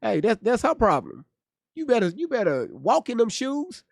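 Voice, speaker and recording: A man's voice: very high-pitched, wildly swooping pitch, normal speed, creaky, no echo, clean studio sound. A male streamer giving blunt, profane live commentary on a clip, often repeating his words as he thinks aloud. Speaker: streamer reacting to clips.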